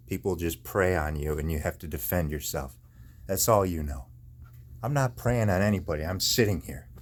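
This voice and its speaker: A man's voice: low voice, normal speed. Angry man ranting to camera. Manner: angry, profane, repetitive. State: living with chronic pain. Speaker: video maker.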